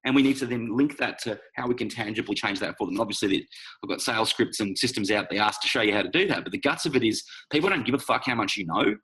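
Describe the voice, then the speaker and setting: A man's voice: on the low side, fast talker, low-quality recording. A man in his forties, a sales coach talking as a guest in a casual podcast chat, blunt and profane as he tells stories. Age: 40s. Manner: blunt, profane, animated storytelling.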